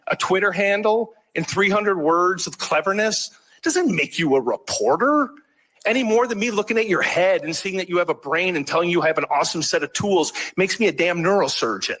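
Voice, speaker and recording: A man's voice: high-pitched, fairly quick, fairly bright tone, rough recording. A man from Wisconsin giving an impassioned speech at an award event, earnest and emphatic.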